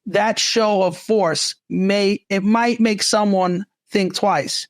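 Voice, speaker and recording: This ex-cop podcast co-host has a high-sitting, steady voice and talks slowly in a relaxed discussion, often restarting and wandering into asides. There's no room sound on the track.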